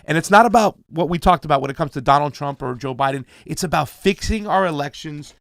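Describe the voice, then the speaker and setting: This livestream host talks fast in a fairly high, fairly bright voice, recorded dry at studio quality. He keeps the casual stream upbeat and hyped, thanking donors by name, calling viewers fam, and pushing them to share.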